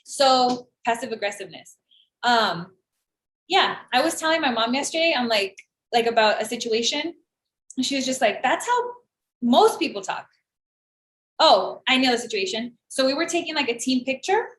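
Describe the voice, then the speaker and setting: A woman's voice: a little high, normal speed, slight background noise. A woman in her thirties co-hosting a casual podcast, telling stories with sarcasm and acting out the voices of other people. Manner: animated storytelling, acts out quoted voices, sarcastic. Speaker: podcast co-host. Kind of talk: casual chat. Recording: echoey room.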